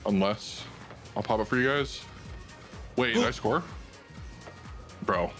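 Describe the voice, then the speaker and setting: A young man playing a game with friends over voice chat, talking in a relaxed, low-key way. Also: takes it slowly, faint music behind. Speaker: fellow player. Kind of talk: casual gaming chat.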